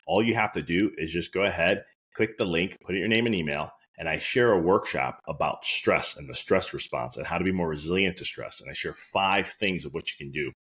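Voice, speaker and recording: Low, husky, fast-talking man. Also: a bit bright. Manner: anecdotal, earnest storytelling. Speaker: chiropractor and podcast host. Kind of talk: casual podcast monologue.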